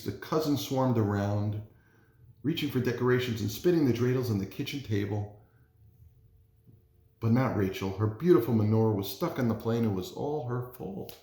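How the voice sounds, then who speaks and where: A man, a parent, reading a children's storybook aloud in an expressive, animated way. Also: medium pitch. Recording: roomy echo.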